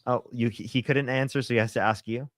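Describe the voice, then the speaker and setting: A man's voice: medium pitch, steady tone, fast, a bit bright, dry recording, clean studio sound. A man hosting a live debate stream, pressing his guests with challenges. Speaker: debate host.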